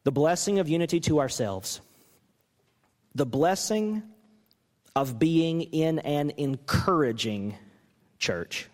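A man, a pastor, preaching a sermon in an animated way, acting out the people he quotes. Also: fairly high pitch, slow, pauses often, in a large hall. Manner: animated, acts out quoted coaches with rising voice.

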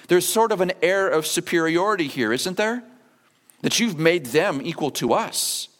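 Animated preaching man in a reverberant church. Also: high voice, moderate pace. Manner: animated preaching, acting out the workers' voices. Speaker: pastor. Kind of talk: sermon. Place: church sanctuary.

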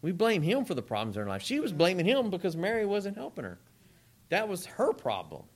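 Animated, lively male preacher. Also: high voice, fairly quick. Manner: conversational, animated preaching with asides to the congregation. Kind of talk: sermon.

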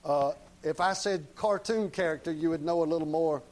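A man preaching a sermon in a folksy, plain-spoken way, often checking in with the congregation with quick tag questions. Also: fairly high pitch, a little mellow, poor audio.

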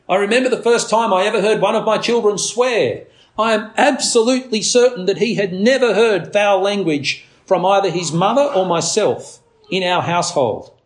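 A man with a high, light voice delivers an earnest sermon. He leans on his words with conviction and now and then breaks into a shrill imitation of a crying baby. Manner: earnest preaching, acts out a baby's demands in a shrill voice. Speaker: pastor.

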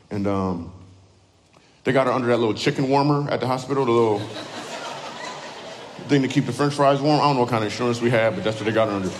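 A man telling a story about his newborn daughter in a devotional video, relaxed with light humor. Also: mid-range voice, fast talker, a little hiss or hum. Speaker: video speaker. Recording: video with music underneath and reverb.

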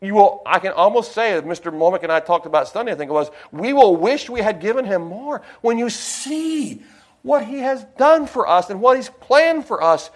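Preaching with a high-pitched, animated voice, this man wanders folksily from point to point, easing his pace for emphasis and weaving in stories from his own life.

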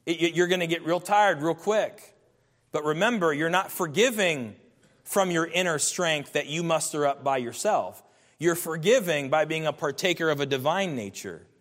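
A man's voice: fairly high pitch, expressive, normal speed, fairly bright tone, in a large hall. A man preaching a sermon as a pastor, earnest and emphatic, his voice rising in bursts.

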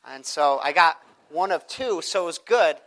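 A man's voice: lively intonation, moderate pace, rough recording. Impassioned male preacher with big swings. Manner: rises to loud, high preaching, then drops to soft prayerful tones. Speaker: pastor. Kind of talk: sermon.

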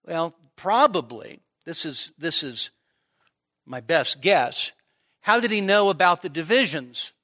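A man's voice: fairly high pitch, lively intonation, slow pace, bright, forceful tone. A man preaching an expository sermon to his congregation in a conversational way, often checking in with "right?" and "okay?" and acting out imagined dialogue with playful sarcasm. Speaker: pastor.

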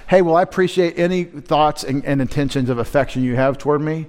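A man's voice: on the high side, brisk, hardly any pauses. A man preaching a midweek sermon as pastor, emphatic, asking rhetorical questions and quoting scripture.

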